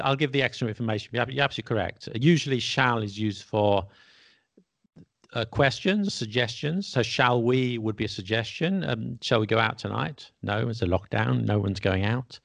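Male podcast host, gravelly and dry, patiently explains grammar and checks understanding. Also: mid-range voice, lively intonation, normal speed, fairly bright tone, no room sound. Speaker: English teacher and podcast host.

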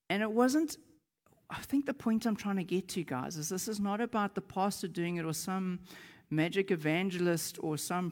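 A man preaching a sermon, telling personal stories with lively energy and loud reenacted moments. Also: high-pitched. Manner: animated storytelling, shouting in reenactments. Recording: long hall reverb.

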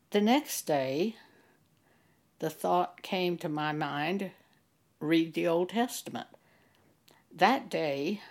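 Woman, devotional testimony, very slow, measured phrasing, lowish pitch, gentle. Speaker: Christian blogger and author.

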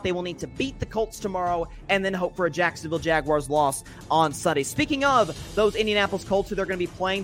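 A man's voice: sits high, a bit bright. A man hosting a solo sports podcast, rambling through his game picks with many fillers and self-corrections.

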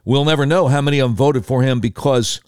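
A man telling political history in an animated way, breaking into quick impressions of voters and politicians. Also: medium pitch, clean tone, no echo, studio quality.

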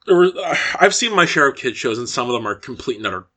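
A man co-hosting a podcast, reacting with wry humor, quick laughs and mock exasperation. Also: medium pitch, big pitch swings, sharp tone. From Scotland. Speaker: podcast co-host. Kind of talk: casual podcast banter.

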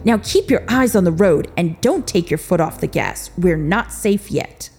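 A woman's voice: on the low side, lively intonation, moderate pace, soft background music. Victor, a bossy, unflappable vampire man, as a woman reads him. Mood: calm commanding. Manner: commanding, urgent shouting.

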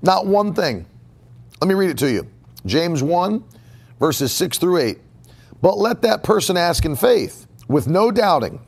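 Emphatic gravelly-voiced male preacher. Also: high voice, sing-song, a little slow. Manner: emphatic, repeats key phrases. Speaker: pastor. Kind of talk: sermon. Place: church sanctuary.

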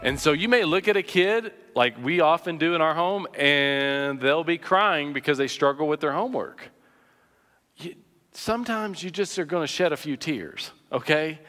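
A man's voice: fairly high pitch, expressive, moderate pace, a bit bright, in a large hall. A man preaching a sermon as pastor, conversational and earnest, telling personal anecdotes.

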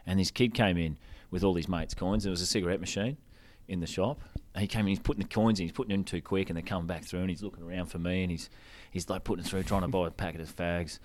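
A man's voice: deep voice, steady tone, fast, hardly any pauses, a little mellow, a little hiss or hum. A man hosting a casual chat, blunt and swearing freely as he tells stories.

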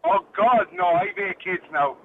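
A man's voice: sits high, animated, measured pace. A man in his late fifties with an Irish accent, calling in to a radio show and joking easily. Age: 50s. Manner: jokey, easygoing. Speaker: caller. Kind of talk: casual phone chat. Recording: phone line with faint noise.

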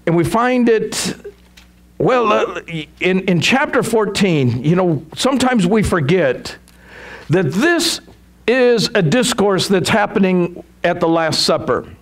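A man's voice: sits high, expressive, takes it slowly. A male pastor preaching a sermon in a conversational way, often chuckling as he explains scripture.

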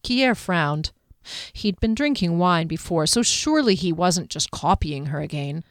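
A woman narrates a fantasy novel in a measured, even manner. Her voice sits fairly low. The recording is dry and close, with no room sound. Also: no room sound. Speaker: audiobook narrator.

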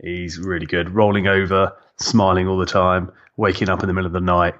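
A man's voice: sits low, level tone, fairly quick, a bit bright, highs cut off. A man with dry humor chatting on a casual podcast, a new father of three. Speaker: podcast co-host.

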